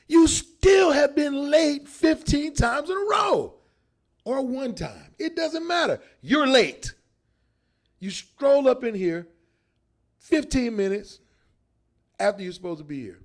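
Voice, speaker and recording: Emphatic, gravelly male podcast host. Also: very high voice, very animated, slow. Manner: emphatic, preachy, theatrical, shouts for emphasis. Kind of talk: animated monologue.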